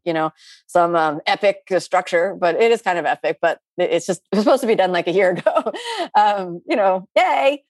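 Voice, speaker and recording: A middle-aged woman yoga teacher answering student questions in a chatty, animated way, with playful asides during a live online class. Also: lowish voice, dry recording, clean studio sound.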